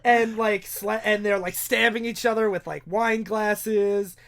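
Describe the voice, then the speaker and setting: A man's voice: high-pitched, steady tone, measured pace, fairly bright tone. A man co-hosting a podcast, casually recapping a comic book plot and quoting the characters as he goes. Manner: recaps plots, acts out characters' lines in passing. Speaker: podcast co-host.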